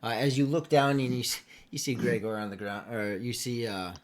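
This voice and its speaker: A man running a tabletop game as game master, narrating the scene unhurriedly with many pauses and filler sounds. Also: mid-range voice, fairly even intonation, slight background noise.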